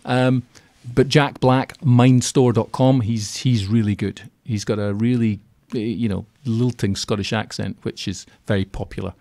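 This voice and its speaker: A man's voice: medium pitch, unhurried, no room sound. Chatty man in a dry studio. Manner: chatty and animated, acts out quotes. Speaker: radio guest, keynote speaker on property finance. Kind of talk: conversational radio interview. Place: radio studio.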